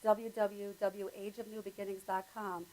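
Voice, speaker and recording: A woman guest on a talk show explaining her events in a quick, upbeat way. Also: medium pitch, level tone, a little mellow, poor audio. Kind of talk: casual studio chat.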